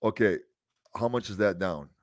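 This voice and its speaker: A man's voice: on the low side, normal speed, dry recording, studio quality. A man co-hosting a casual livestream, brash and swearing, prodding his co-host to keep going. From Canada. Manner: lively, swearing, prods his co-host along.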